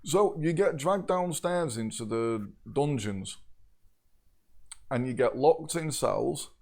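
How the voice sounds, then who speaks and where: A man's voice: mid-range voice, expressive, slow, creaky, a little mellow. A man narrating as game master of a tabletop game, often laughing as he talks.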